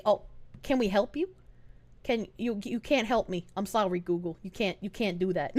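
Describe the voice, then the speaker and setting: A woman's voice: medium pitch, animated, moderate pace, a little mellow. A woman streamer chatting casually with her viewers, playful and crude, with lots of swearing. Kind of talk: casual live-stream chat.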